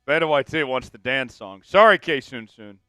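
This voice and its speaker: A man hosting a live sports stream, laughing often and breaking into loud chants with viewers. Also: mid-range voice, expressive, normal speed, clear, resonant tone, dry recording, faint music behind. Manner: rowdy, laughs a lot, bursts into loud chants. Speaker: sports show host.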